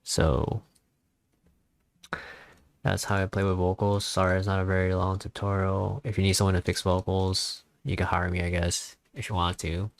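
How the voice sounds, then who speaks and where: A man casually talking through a music software tutorial in a rambling, offhand, self-deprecating way. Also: sits low, completely flat delivery, normal speed, gravelly, no room sound. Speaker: tutorial host. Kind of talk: casual screen-recording tutorial.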